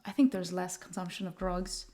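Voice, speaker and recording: A woman co-hosting a podcast, chatting and cutting in with quick remarks. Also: fairly low pitch, dark tone, slight background noise. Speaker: podcast co-host. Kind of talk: casual chat.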